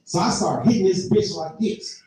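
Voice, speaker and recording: A man's voice: high voice, normal speed, heavy background noise. A man telling a profane story in a stand-up comedy set, talking straight to the crowd. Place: live comedy venue. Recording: echoey room, heard from far off.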